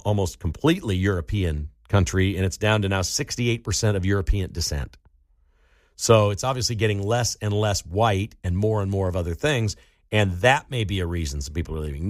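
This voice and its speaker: A man hosting a radio talk show, telling stories casually in a lively way, his voice jumping up high in pitch for emphasis. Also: dry recording, studio quality. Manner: animated storytelling with sudden rises in pitch.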